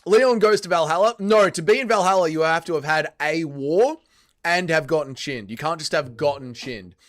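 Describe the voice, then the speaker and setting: A man's voice: a little high, normal speed. Profane man hosting a livestream. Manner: profane, exasperated, banters with chat. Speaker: livestream host reading chat. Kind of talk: casual livestream chat.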